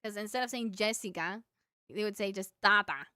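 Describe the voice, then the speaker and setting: A young woman from a Cuban family livestreams, telling her chat childhood stories in a rambling way packed with fillers and laughing at her own tales. Her mid-range voice is sharp-toned and smooth at normal speed, in a dry studio-quality recording.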